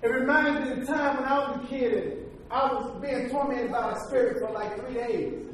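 High pitched preacher guy, chanty repeat-after-me style, big echo, far off mic. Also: fairly even intonation, moderate pace, fairly bright tone, a little hiss or hum. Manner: call-and-response, chanting cadence; storytelling, emphatic repetition. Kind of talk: sermon. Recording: echoey hall from far off.

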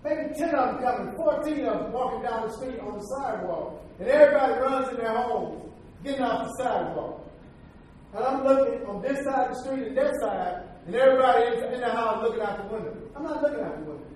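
This man's voice is extremely high, animated, brisk and a touch mellow as he delivers a testimony from his own life in sermon form. His style is folksy and emphatic with preaching asides, heard from far away in a very echoey hall with faint noise.

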